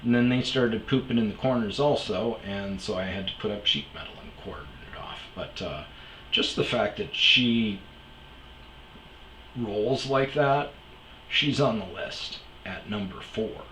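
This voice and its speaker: A man with a lowish voice tells long, rambling anecdotes peppered with swearing. He is recorded in a roomy space with a noticeable echo and faint background noise. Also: a little slow, a bit bright. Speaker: host, storyteller. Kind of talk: comedic storytelling podcast.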